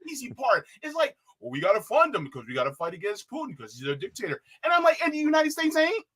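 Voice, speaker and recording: Male panelist, high, lively voice, heated rant, slangy. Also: fast, breathy edge. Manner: animated, repeats himself, says bruh, mimics others in quotes. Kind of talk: heated political panel talk.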